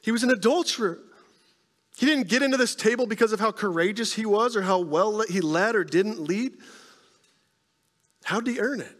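A man preaching a sermon in a conversational way, often checking in with the congregation with quick questions. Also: high-pitched, fairly bright tone, in a large hall. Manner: conversational preaching, frequent "right?" tag questions. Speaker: pastor.

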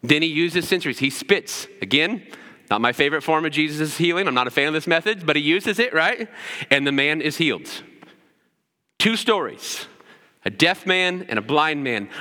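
A man's voice: on the high side, pushed and bright, in a large hall. A man preaching a sermon as pastor, often checking in with "right?" as he teaches. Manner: preaching with frequent "right?" asides.

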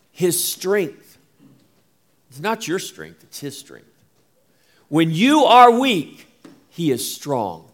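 Pastor, male, slightly high voice, unhurried emphatic sermon delivery. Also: big pitch swings. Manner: slow, emphatic preaching with rising and falling delivery.

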